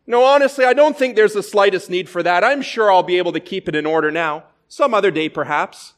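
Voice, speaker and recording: Guy doing a panicky tormented man, voice way up high, begging. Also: brisk, lightly acted. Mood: frantic. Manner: high, frantic pleading. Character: panicked frightened man pleading with an angel.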